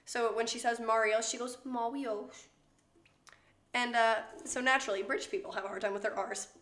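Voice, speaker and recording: Chatty young woman streamer, slightly high voice, roomy kitchen sound. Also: fairly even intonation, fast talker, a bit bright. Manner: chatty, laughing, swears freely. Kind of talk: casual chat while cooking. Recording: echoey room.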